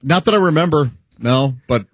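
Candid, husky-voiced radio host. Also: male voice, on the high side, lively intonation, normal speed, no echo, studio quality. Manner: self-deprecating, candid. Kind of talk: casual chat.

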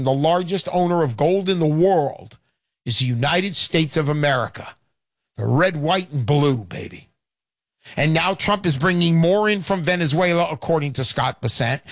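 A man hosting a call-in show, pitching with brash, hard-selling talk and lots of repetition. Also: fairly bright tone, dry recording, studio quality. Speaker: radio show host.

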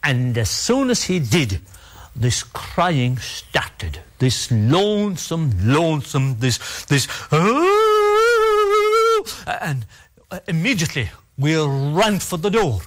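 A man with an Irish accent telling an oral folk tale in a measured, dramatic way, with repetitions and pauses. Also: on the high side, sing-song. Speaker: storyteller.

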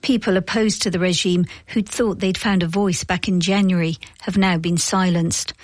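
A woman reporter giving scripted news narration in a measured, grave way. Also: on the low side, fairly even intonation, no echo, studio quality.

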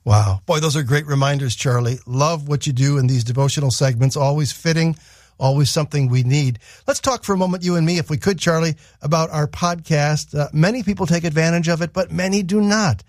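A man's voice: a little high, brisk, a little mellow, no echo. A man co-hosting a radio program, reading promos and contact details in a friendly, upbeat way into a studio microphone. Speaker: radio co-host and announcer. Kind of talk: radio announcing.

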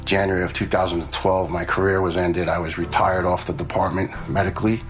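A man's voice: sits low, flat delivery, fairly quick, faint music behind, low-quality recording. A man in his fifties, a retired fire lieutenant, telling stories in a blunt, conversational way with some swearing. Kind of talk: casual storytelling.

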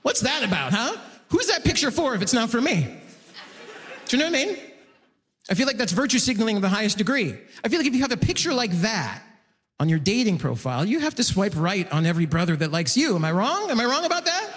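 A male stand-up comedian working a live room, with a voice that sits high and swoops around a lot. He breaks into excited high yelps when acting out moments. His voice carries through a reverberant venue with a long tail. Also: fast. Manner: animated, swinging into high excited yelps for acted-out bits. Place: comedy club stage.

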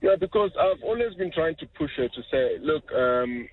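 A man's voice: fairly high pitch, very animated, brisk, husky, no room sound. A man calling into a radio show, rambling and hesitant, full of fillers. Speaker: caller. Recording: phone line.

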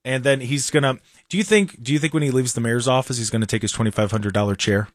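A man hosting a casual talk show, animated and sarcastic, often dropping into mocking voices. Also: mid-range voice, fast talker, no echo, clean studio sound. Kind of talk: casual chat.

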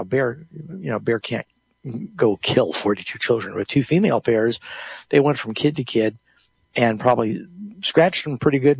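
A gravelly, slightly husky man answers listeners' Bible questions on a call-in radio program. He explains plainly and reads passages aloud, recorded close and dry in a studio. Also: mid-range voice, darkish tone, no room sound.

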